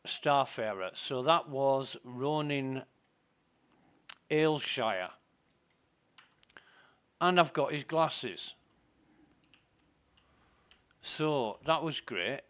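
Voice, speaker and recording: A man's voice: medium pitch, expressive, a bit bright, smooth. A man giving casual, self-mumbling commentary while playing a space game. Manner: slow, muttering to himself, self-deprecating.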